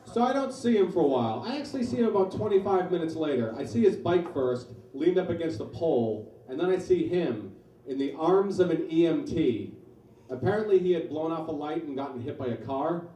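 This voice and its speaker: Brief: comic in his forties, mellow deadpan delivery, mic distant in a roomy bar. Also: on the high side, a little fast. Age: 40s. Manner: deadpan storytelling with loud punchlines. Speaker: stand-up comedian. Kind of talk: stand-up set. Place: small New York comedy bar. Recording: echoey bar from far off. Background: audience laughter.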